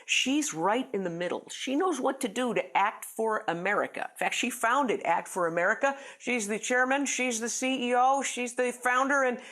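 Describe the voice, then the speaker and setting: A woman's voice: fairly high pitch, normal speed, hardly any pauses, a bit bright. A woman guest-hosting a talk show, chatty and friendly as she introduces and questions her guest. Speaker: guest host.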